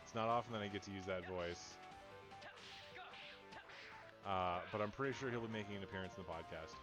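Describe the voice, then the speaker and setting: Brief: young adult male streamer, lowish voice, jokey and rambling, over loud game music. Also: racing. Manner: rambling, joking, talks to chat. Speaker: let's play streamer. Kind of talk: casual gameplay commentary.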